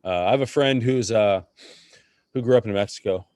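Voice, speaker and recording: Low-voiced man, dry close podcast sound. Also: darkish tone, no echo. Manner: halting, reflective, many fillers. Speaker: podcast co-host. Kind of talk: casual chat.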